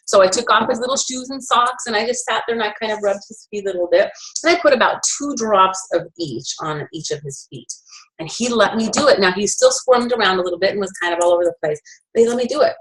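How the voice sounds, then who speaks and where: A woman's voice: medium pitch, fast, a bit bright, poor audio. A middle-aged woman presenting essential oils, telling a personal story in a chatty way with fillers and self-corrections.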